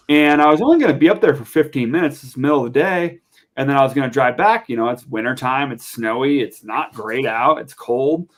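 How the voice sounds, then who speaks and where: Young adult man, podcast guest; animated, rambling storyteller, mid pitch. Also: normal speed. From Montana, USA. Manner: animated, chatty, lots of fillers. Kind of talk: casual storytelling.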